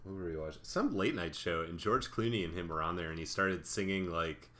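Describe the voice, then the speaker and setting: A man's voice: deep voice, brisk, sharp tone. A young man co-hosting a podcast, chatting casually and rambling, laughing easily. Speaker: podcast co-host. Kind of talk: casual chat.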